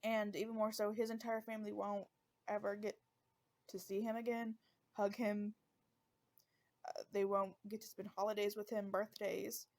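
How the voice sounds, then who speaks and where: A woman's voice: mid-range voice, flat delivery, moderate pace, long pauses, darkish tone. A woman hosting a true-crime podcast in a casual, conversational way, visibly emotional and fighting back tears. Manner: conversational with fillers. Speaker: podcast host.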